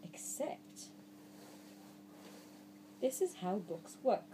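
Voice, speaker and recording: A woman's voice: medium pitch, big pitch swings, unhurried, noisy background. A woman reading a children's book aloud to a child, playful and mock-exasperated, breaking into silly nonsense sounds.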